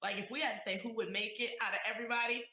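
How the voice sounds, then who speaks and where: Woman from Queens, emotional storyteller, bright tone, roomy echo. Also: on the high side, steady tone, racing. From Queens, New York, USA. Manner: emotional, emphatic, swings from loud to hushed. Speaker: guest, community activist. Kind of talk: heartfelt personal storytelling in conversation.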